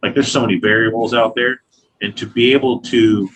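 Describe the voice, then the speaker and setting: A man's voice: mid-range voice, fairly even intonation, a little fast. Man, 30s, glass artist guest, loose swearing storyteller, faint background noise. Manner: profane, loose, storytelling with acted quotes. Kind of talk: casual interview talk.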